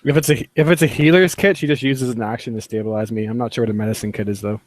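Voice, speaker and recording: A man's voice: mid-range voice, fairly even intonation, fast, no echo. Man narrating his character, dry sound. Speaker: player. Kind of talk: rules talk and character narration.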